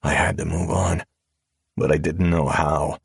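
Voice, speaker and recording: A man narrating a first-person audiobook in a calm, cold drawl. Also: deep voice, unhurried, creaky, husky, no echo, studio quality.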